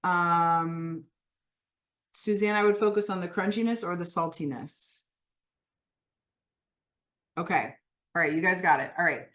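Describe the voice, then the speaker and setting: A woman leading a live online coaching session, talking slowly and emphatically through guided phrases, with lively bursts. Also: on the low side. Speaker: workshop leader.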